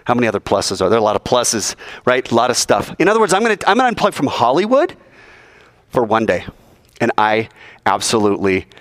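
A man's voice: on the low side, fairly bright tone. A man giving a joking sermon to students and acting out quoted voices as he goes. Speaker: youth speaker.

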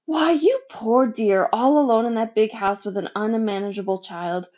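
A woman's voice: fairly high pitch, moderate pace, darkish tone, muffled recording, close to an everyday voice. A woman voicing a sweet, syrupy middle-aged neighbor who coos over the caller. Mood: gushing.

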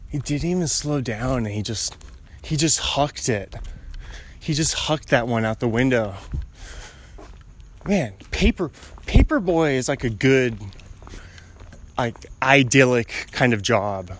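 A young man thinks aloud on a morning walk outdoors and drifts from one idea to the next with easy chuckles. His voice swoops up and down, yet he talks at a slow, unhurried pace. It sounds like a relaxed, handheld street vlog. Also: medium pitch, a little hiss or hum. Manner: wandering, musing, chuckles often. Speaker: vlogger. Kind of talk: casual rambling monologue. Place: outdoors on a residential street, walking.

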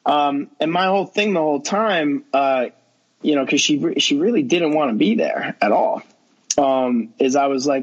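A man's voice: on the high side, normal speed, breathy edge, dull audio. A young man talking as a podcast guest, telling a long story in rambling casual chat full of fillers and quoted dialogue.

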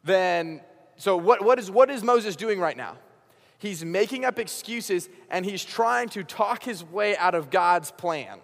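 Animated young pastor in reverberant hall. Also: male voice, high-pitched, a little slow, gravelly. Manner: casual, animated storytelling with acted-out dialogue. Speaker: high school pastor. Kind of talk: youth sermon.

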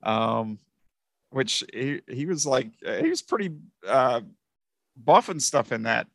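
A man co-hosting a casual movie review chat, talking in halting bursts full of fillers and restarts. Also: medium pitch, very animated, creaky, a bit bright, dry recording. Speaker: podcast co-host.

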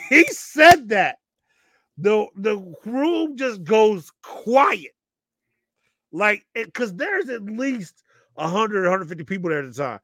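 Man, podcast co-host, animated storyteller, high voice, dry recording. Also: dry recording. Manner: animated storyteller, laughs often, acts out quotes. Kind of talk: casual chat, storytelling.

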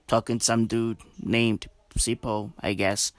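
A young man ranting casually to camera in slangy, profane, exasperated commentary. He drops into low mutters and then jumps up high for emphasis. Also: very animated, unhurried, hardly any pauses, sharp tone, dry recording, studio quality. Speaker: vlogger.

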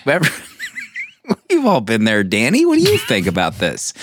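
A man's voice: fairly low pitch, wildly swooping pitch, moderate pace, noisy background. A man hosting a casual podcast chat, playful and teasing, often laughing. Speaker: podcast host.

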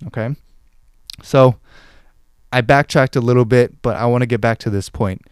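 A man delivers a fired-up motivational talk, pushing the listener hard and swearing freely. His voice is smooth and clear at a middling pitch. It is recorded close to the mic in a dry, dead room. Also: normal speed, no echo. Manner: intense, exhorting, swears freely. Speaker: podcast host.

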